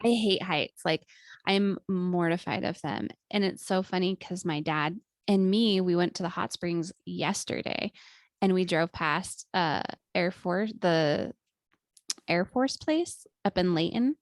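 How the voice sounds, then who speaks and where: Gravelly-voiced young woman co-host, dry sound. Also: on the low side, a little slow, no room sound. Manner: casual, conversational, chimes in with short replies. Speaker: podcast co-host. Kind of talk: casual chat.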